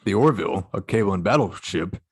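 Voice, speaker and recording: A man reads stage directions aloud in a steady, matter-of-fact tone. His voice is low, and the recording is dry with no room sound. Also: brisk, husky, no room sound. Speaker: narrator. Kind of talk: reading a fan script aloud.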